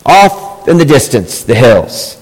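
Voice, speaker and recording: A man's voice: medium pitch, very animated, takes it slowly, breathy edge. Man preaching a sermon in a reverberant hall. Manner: repeats key phrases for emphasis. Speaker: pastor. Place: church sanctuary. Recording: long reverb, large hall.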